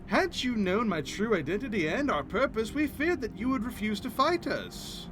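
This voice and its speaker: Guy reading out a solemn old god, high lively voice, grand and formal. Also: normal speed, soft background music. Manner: archaic, declaiming read-aloud delivery.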